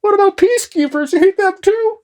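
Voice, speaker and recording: A man putting on the voice of a shrill, offended Canadian who is defending national pride in a squeaky, indignant whine. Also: brisk, a little mellow.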